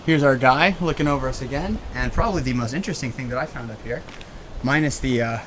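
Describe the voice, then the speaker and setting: The young American travel vlogger talks fast in a mid-range voice with background noise around him. He's puffing his way up a hot hillside in a coastal town, chatting loosely and laughing at himself.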